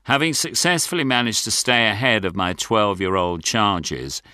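A man's voice: on the low side, moderate pace, pushed and bright, clean tone, no room sound. An older man narrating his audiobook memoir in a dry, wry, self-mocking way, close to a studio mic. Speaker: author and narrator.

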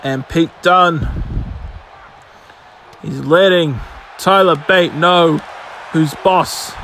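A high-voiced man gives excited play-by-play for a wrestling video game, drawing his words out slowly and erupting into shouts at near-falls and big moves. Faint game sound hums behind him, along with a little hiss or hum.

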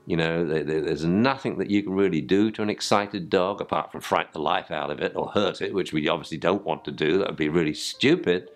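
A man's voice: sits low, brisk, few pauses, soft background music. An older man, teaching dog training informally and acting out yelps and spoken commands to dogs.

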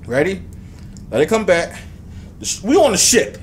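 Excitable cursing young gamer guy. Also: high voice, moderate pace, slight background noise. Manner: excitable, swears a lot, talks to the game and to viewers. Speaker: gaming YouTuber. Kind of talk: let's play commentary.

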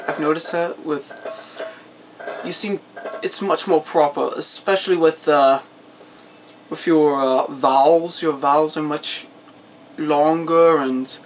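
A young American man talks to camera in a casual vlog, his voice sitting a touch high. He holds a put-on British accent that keeps drifting Scottish. He rambles and hesitates, apologizing often. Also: fairly bright tone, dull audio, slight background noise. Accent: put-on British attempt that comes out Scottish. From United States. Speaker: vlogger.

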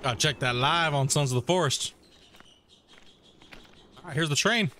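A man's voice: fairly high pitch, normal speed, bright, forceful tone, a little hiss or hum. A man streaming a video game, chatting casually and rambling with lots of fillers at his desk mic. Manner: rambling, laid-back, filler-heavy. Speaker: gaming streamer.

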